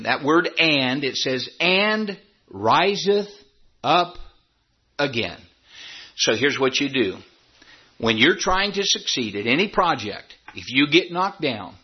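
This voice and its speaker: A man's voice: mid-range voice, slightly rough, dull audio. A middle-aged man preaching a sermon, emphatic, repeating phrases and stretching key words for effect. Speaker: pastor.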